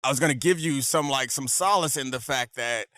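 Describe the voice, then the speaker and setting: A man co-hosts a loose sports conversation from a fan event, chatty and quick to laugh. His voice is bright and sharp, and the recording is dry. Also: medium pitch, dry recording. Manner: chatty, laughs often, rising excited tone. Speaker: co-host. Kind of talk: casual chat.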